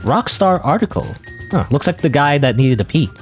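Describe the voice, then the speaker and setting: A man's voice: on the high side, sing-song, normal speed, soft background music. A man giving casual, rambling, self-deprecating commentary while playing a video game. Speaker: let's play gamer.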